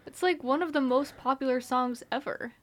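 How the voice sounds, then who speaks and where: A woman's voice: sits high, moderate pace, a bit bright. A young woman co-hosting a student radio show, teasing and insistent in casual chat. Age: young adult. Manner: playful, insistent. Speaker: radio co-host.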